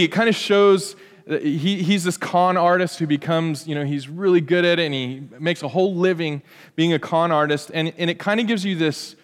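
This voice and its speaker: A man's voice: on the high side, smooth, in a large hall. A man preaching an earnest, conversational sermon with frequent restarts. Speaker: pastor.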